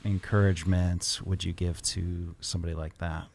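A man co-hosting a church podcast, asking questions in a thoughtful, measured way. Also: low voice, level tone, gravelly, darkish tone, dry recording. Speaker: pastor, podcast co-host. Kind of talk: conversational church podcast discussion.

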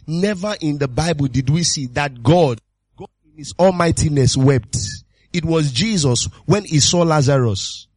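A man preaching a sermon as pastor, exuberant and full of repeated calls and sudden shouts. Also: on the high side, measured pace, dry recording.

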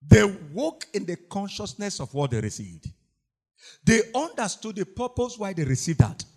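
A man with a high-pitched, slightly rough voice preaches a sermon at normal speed. Animated, he repeats lines and laughs often while telling his stories.

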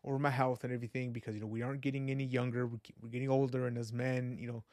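A man's voice: mid-range voice, little pitch movement, racing, darkish tone, no room sound. A man talks through a casual podcast monologue in a mid-range voice, earnest and reflective. He rambles and restarts, leaning on "you know" and "like". The sound is dry and close, with no room around it. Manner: reflective and faith-minded. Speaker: podcast host.

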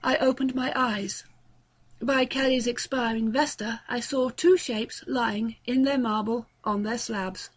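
A woman narrating a story aloud in a measured, even storytelling manner. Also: on the high side, slightly rough. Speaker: story reader. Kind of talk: audiobook narration.

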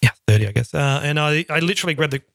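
A middle-aged man from Australia, an interview guest telling animated stories and acting out quotes. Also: on the high side, very fast, creaky, no echo, clean studio sound. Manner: animated, acts out quotes in storytelling. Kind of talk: casual storytelling.

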